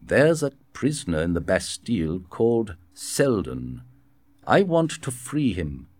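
A man reading a storybook voices a cunning musketeer, speaking in a smooth, insistent way. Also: low-pitched, sing-song, measured pace, darkish tone, dry recording, full character voice. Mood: scheming. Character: cunning scheming male musketeer, persuasive.

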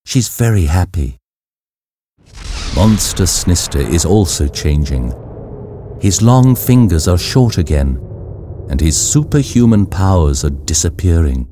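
A man reading a simple story aloud as a narrator, slow and clear. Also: low voice, dark tone, slight background noise. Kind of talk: scripted narration of a graded reader.

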